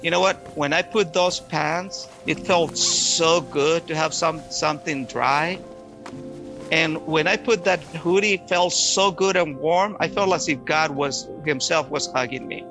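A man telling a personal story in an earnest, halting way, often repeating words as he goes. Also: a little high, music in the background, low-quality recording. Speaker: storyteller giving a personal testimony.

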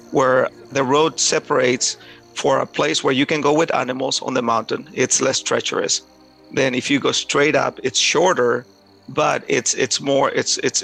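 Man, personal story told aloud, halting, repeats words, gravelly voice, faint background music. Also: mid-range voice, a bit bright, rough recording.

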